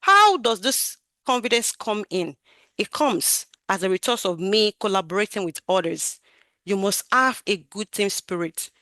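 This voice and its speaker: A woman gives an animated, emphatic talk over a video call about growing her career as a QA tester, raising and lowering her voice for emphasis. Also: a little slow, dry recording. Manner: animated, emphatic, varies her loudness and projection. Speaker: QA tester sharing career story. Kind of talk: talk on a webinar.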